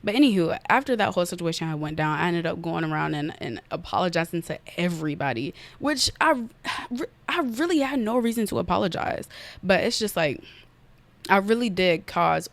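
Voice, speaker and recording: Young woman, podcast host, casual storytelling, fairly low voice, dry close sound, animated delivery. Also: gravelly, no room sound. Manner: animated, fast retelling with quoted outbursts. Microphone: iPad on an unsteady stand.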